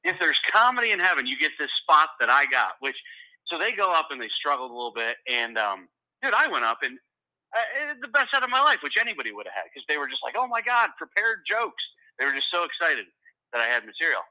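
A middle-aged man, a stand-up comedian, telling a story in loose, animated casual conversation, often repeating words as he gets excited. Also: mid-range voice, fast talker, low-quality recording.

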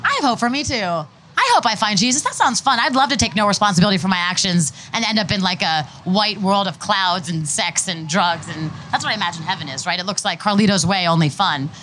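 Brash, bright-voiced woman street interviewer. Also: medium pitch, animated, brisk, slight background noise, poor audio. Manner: brash, provocative, joking.

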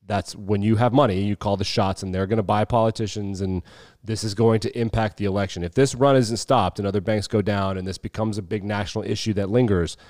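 A man in his thirties co-hosting a podcast, talking in a loose, animated way, swearing freely and mimicking people as he tells a story. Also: on the low side, fairly quick, dry recording, clean studio sound. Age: 30s. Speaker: podcast co-host. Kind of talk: casual chat.

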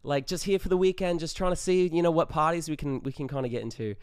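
A man's voice: a little high, quick pace, clear, resonant tone, dry recording, studio quality, pitched above the performer's own voice, close to an everyday voice. A man voicing a cocky young guy faking a poor Australian accent that slips toward British, chummy and bluffing. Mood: breezy. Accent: bad put-on Australian drifting toward British.

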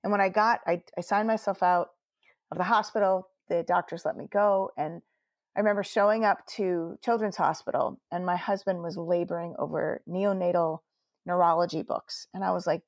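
A woman's voice: on the low side, steady tone, normal speed, dry recording, clean studio sound. A woman, a nurse telling her story earnestly in an interview, quoting her own words along the way. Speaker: guest nurse.

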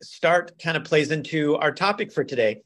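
A man's voice: a little high, expressive, normal speed, fairly bright tone. A man co-hosting a podcast in casual chat, rambling, repeating himself and laughing often. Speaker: podcast co-host.

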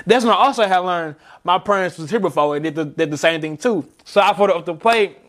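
A young man in casual chat, telling animated stories and laughing as he goes. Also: high-pitched, a little fast.

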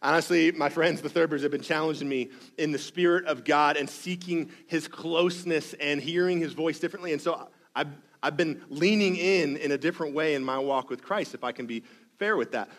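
A man's voice: a little high, fairly quick, a bit bright. A man preaching a sermon as pastor, conversational and emphatic, with self-deprecating asides and rhythmic repetitions.

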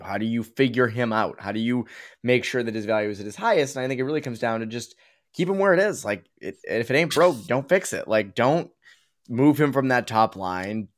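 A man's voice: on the low side, fairly bright tone. A man from the Boston area hosting a casual sports talk podcast, rambling with lots of fillers and restarts. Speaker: podcast host.

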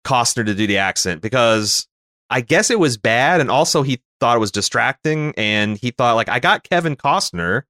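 A North American man rambles through a casual film review with dry humor and plenty of restarts. His voice is bright and crisp. It sits close and dry, with no room around it. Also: medium pitch, expressive, normal speed, no room sound. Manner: rambling, wry, many fillers and restarts. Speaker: podcast co-host. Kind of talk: casual movie review chat.

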